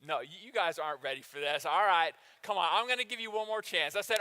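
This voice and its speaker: A man's voice: high-pitched, quick pace. A man preaching a sermon, joking with the congregation and acting out the people in the story. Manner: lively, jokey preacher who acts out the people in the story. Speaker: pastor. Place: church hall. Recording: long church-hall reverb.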